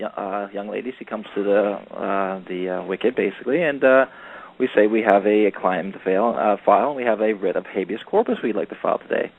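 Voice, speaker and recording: A man telling a long story in casual radio chat, rambling with many fillers and acting out the voices of the people he met. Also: fairly low pitch. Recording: phone-line call-in radio audio.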